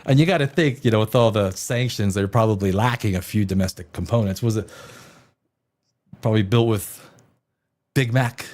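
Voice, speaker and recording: A man's voice: lowish voice, normal speed, long pauses, a little mellow. A man hosting a live science and news show, reading items aloud and rambling off into jokes. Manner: jokey, rambling, laughs at his own jokes. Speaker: host. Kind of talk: casual live show commentary.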